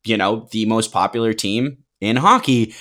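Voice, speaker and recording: A man's voice: on the low side, moderate pace, a bit bright. A man co-hosting a casual sports podcast, venting in an exasperated, profane way and mimicking pundits. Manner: exasperated, profane, mock-quoting. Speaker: podcast co-host. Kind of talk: casual chat.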